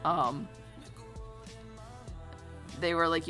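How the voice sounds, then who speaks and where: Low-key giggly young woman streamer. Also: measured pace, fairly bright tone, soft background music. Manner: rambling, giggly, swears casually. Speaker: streamer drawing a storyboard. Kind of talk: casual chat while drawing.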